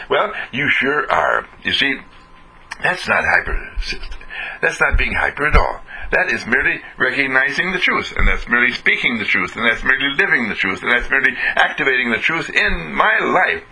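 A man's voice: mid-range voice, very animated, normal speed, pushed and bright, husky, poor audio. A man from a ministry giving a recorded inspirational message, full of exuberant, repetitive affirmations. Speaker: ministry speaker.

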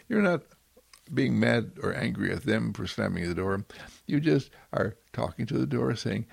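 A man giving a gentle, inspirational spiritual talk, repeating soft and loving affirmations. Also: fairly low pitch, lively intonation, moderate pace, vocal fry, husky, no echo.

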